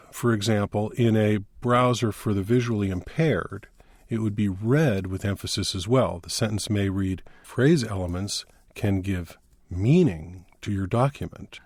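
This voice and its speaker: A man's voice: on the low side, darkish tone, no echo. A man instructor explaining a coding screencast step by step, in a plain teaching manner.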